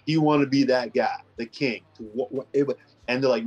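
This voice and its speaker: A man co-hosting a casual podcast chat, telling stories in an animated, slangy way. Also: medium pitch, quick pace, breathy edge, highs cut off. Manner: animated storyteller, slangy, says "bro" a lot. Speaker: podcast co-host.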